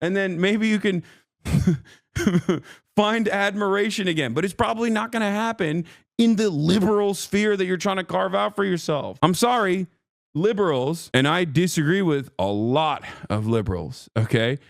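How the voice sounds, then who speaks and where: A man's voice: high-pitched, moderate pace, gravelly, dry recording, studio quality. Angry, profane male streamer ranting. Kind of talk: heated reaction rant.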